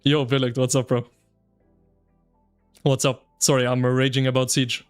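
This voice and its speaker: A man streaming live, chatting with his viewers in an excitable, slangy, ranting way. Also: mid-range voice, moderate pace, clear, resonant tone, soft background music. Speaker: game streamer. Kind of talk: casual live-stream commentary.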